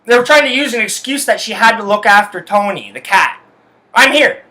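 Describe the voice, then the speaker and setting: A man's voice: sits high, animated, fairly quick, bright, forceful tone. Fired-up man ranting. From Canada. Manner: heated, profane, swears constantly. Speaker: podcast host. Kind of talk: solo podcast rant. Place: his house.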